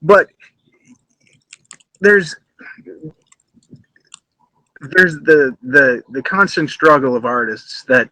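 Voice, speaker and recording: A man with a bright, forceful voice talks reflectively in a casual conversation and often restarts his sentences. The sound is dry and close, with no room echo. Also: on the high side, expressive, extremely slow, long pauses. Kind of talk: casual chat.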